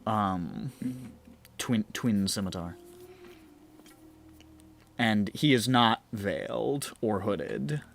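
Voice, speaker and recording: Guy running a tabletop game, lowish voice, lots of ums and likes. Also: extremely slow, gravelly, long pauses, faint music behind. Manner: rambling, many fillers and restarts. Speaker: game master.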